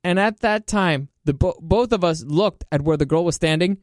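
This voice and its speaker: A man's voice: a little high, normal speed, hardly any pauses, no echo, clean studio sound. A young man hosting a podcast, telling stories in a loose, rambling way and laughing as he goes. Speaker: podcast host. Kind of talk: casual Q&A storytelling.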